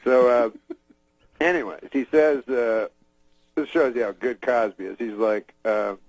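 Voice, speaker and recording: Deadpan male guest, rambling storyteller, chuckles at his own tale, mid pitch, dry close sound. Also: measured pace, no room sound, poor audio. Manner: deadpan storyteller, many fillers and restarts, laughs to himself. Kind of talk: rambling anecdote.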